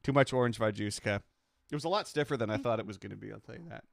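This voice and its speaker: A man's voice: on the low side, racing, gravelly, no echo, studio quality. A man co-hosting a podcast in casual chat, rambling and trailing off into restarts, from a home setup. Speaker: podcast co-host.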